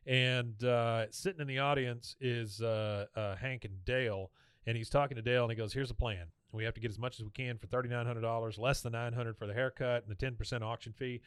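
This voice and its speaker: A man co-hosting a casual podcast, walking through a cartoon episode scene by scene. His voice is smooth and clear, recorded close and dry. He acts out the characters' lines in quick voices and laughs along. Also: mid-range voice, steady tone, no echo. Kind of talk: casual chat, retelling scenes.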